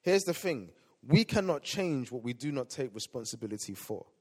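A man's voice: medium pitch, very animated, normal speed, husky. Preaching man in a reverberant hall. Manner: dynamic preaching, swinging between loud emphasis and quiet asides. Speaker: pastor. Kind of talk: sermon.

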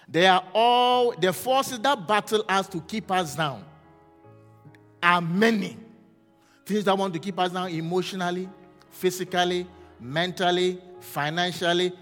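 A man preaching a fervent sermon as pastor, rising to shouts and asking the congregation questions. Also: sits high, normal speed, in a large hall, soft background music.

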